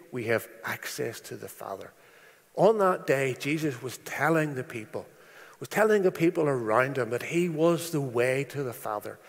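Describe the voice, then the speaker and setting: A man delivers a sermon at a measured, deliberate pace. He lets his voice sink low and soft whenever he quotes a verse. The sound carries a long church reverb. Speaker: preacher.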